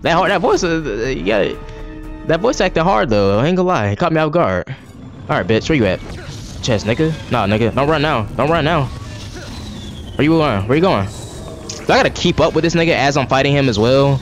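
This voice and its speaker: A man's voice: mid-range voice, expressive, brisk, pauses often, faint music behind. A man giving profane, exasperated running commentary while playing a video game. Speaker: gaming streamer. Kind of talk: live gameplay commentary.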